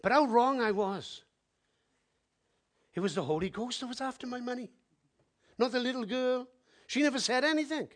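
A man from Wales, preaching in an animated storytelling style that swings between loud exclamations and hushed asides. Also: extremely high pitch, normal speed, long pauses. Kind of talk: sermon storytelling.

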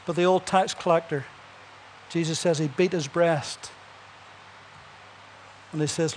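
High-voiced preacher man telling stories. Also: fairly even intonation, measured pace, long pauses, slight background noise. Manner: storytelling preacher, builds to emphatic punchlines; chuckles between points. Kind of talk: sermon.

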